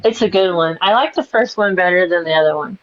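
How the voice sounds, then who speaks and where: A woman's voice: on the low side, slight background noise. A woman co-hosting a casual stream, easygoing and giggly. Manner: easygoing, giggly, slow-talking. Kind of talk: casual live stream chat. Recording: dull dry stream audio.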